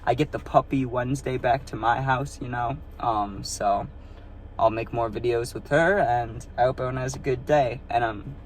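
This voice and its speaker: A man's voice: mid-range voice, fairly even intonation, moderate pace. Young male vlogger, loose and rambling, swears freely, ordinary mid-range voice, phone-recorded. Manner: rambling, profane, full of "you know what I mean". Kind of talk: casual storytime vlog.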